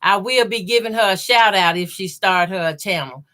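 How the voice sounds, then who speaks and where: A woman with a Southern accent hosts a live sewing stream for her quilting channel, greeting viewers by name and reading their comments aloud. Her mid-range voice moves at a moderate pace and sounds pushed and bright, and she says "y'all" a lot.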